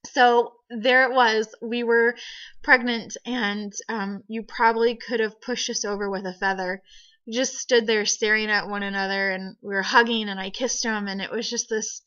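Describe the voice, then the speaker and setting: A young woman telling a personal story in a casual vlog, animated and laughing often. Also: fairly high pitch, moderate pace. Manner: giggly, animated, frequent laughs. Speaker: vlogger. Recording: dull lo-fi home video audio.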